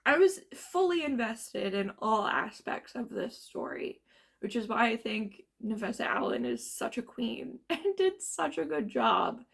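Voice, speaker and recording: Tired woman with gravelly morning voice. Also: a little high, big pitch swings, unhurried. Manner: chatty, gushing, trailing off. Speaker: book reviewer. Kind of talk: casual book review vlog.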